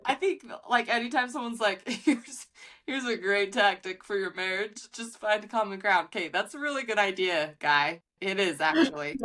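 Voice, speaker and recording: A woman co-hosting a relaxed podcast with her sister, her voice bright and clear. She laughs easily and slips into little acted-out quotes while she talks. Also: medium pitch, normal speed. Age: adult, married. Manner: laughs often, acts out quotes. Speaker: podcast co-host. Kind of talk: casual chat.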